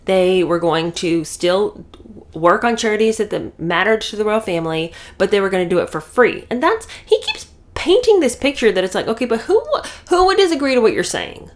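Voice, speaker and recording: A woman commenting in a loose, conversational way, sarcastic and animated, with frequent fillers and restarts. Her voice sits at an ordinary middle pitch for a woman. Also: brisk. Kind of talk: casual commentary.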